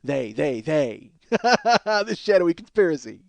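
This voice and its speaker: Forties guy on his comedy podcast, kinda high voice, goofy rambling bits, cracks himself up. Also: very animated, unhurried, gravelly, dry recording. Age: 40s. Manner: absurd running bits, loud bursts, laughs at own jokes.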